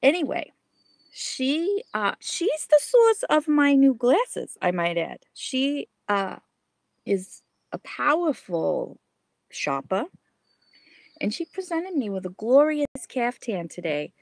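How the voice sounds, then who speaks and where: A woman's voice: sits high, sing-song, slow, creaky, no echo. A middle-aged woman hosting a casual comedic vlog, chatty and theatrical, with many fillers and restarts, talking from an outdoor lunch spot. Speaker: self-styled advice host.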